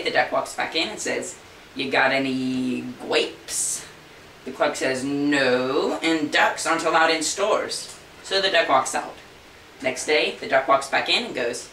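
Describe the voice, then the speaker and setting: A man's voice: fairly high pitch, lively intonation, moderate pace, sharp tone. A man who makes balloon animals, telling his favorite jokes to the camera in a chatty, folksy way. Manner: folksy, chatty, slips into funny voices for characters. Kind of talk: casual joke telling to camera. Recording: roomy echo, far from mic, faint hiss.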